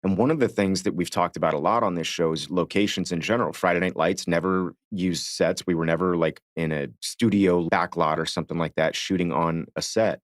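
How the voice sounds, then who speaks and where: A man co-hosting a podcast, telling behind-the-scenes stories in a relaxed way with frequent chuckles. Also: deep voice, fairly quick, hardly any pauses, no echo, studio quality. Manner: relaxed storytelling, chuckling often. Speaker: podcast co-host. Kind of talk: casual podcast chat.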